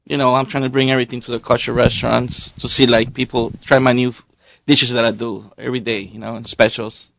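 Gravelly man from Florida, halting. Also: mid-range voice, flat delivery, fairly bright tone. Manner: halting, leans on fillers. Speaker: executive chef. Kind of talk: interview guest. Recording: dull lo-fi studio sound, dry.

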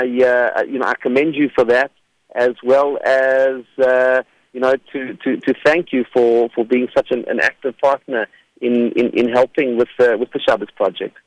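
A man, a rabbi being interviewed, speaking earnestly and haltingly with many restarts. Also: medium pitch, dry recording, poor audio. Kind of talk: interview conversation.

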